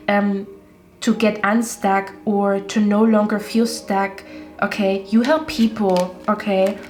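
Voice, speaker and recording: Even-toned woman giving a tarot reading. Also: medium pitch. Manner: rambling, reassuring, addresses viewers directly. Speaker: tarot reader.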